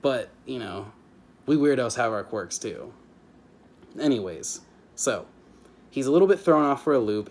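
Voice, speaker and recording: A man casually reviewing a book chapter at home, rambling with many fillers and restarts and slipping into quick character impressions. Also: mid-range voice. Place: home with family nearby.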